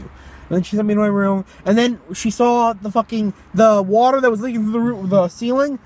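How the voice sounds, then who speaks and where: A teenage man co-hosting a podcast, telling a story casually, swearing a lot and shouting out the lines he quotes. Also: high voice, quick pace. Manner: animated, profane, acts out quotes in shouts. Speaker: podcast co-host.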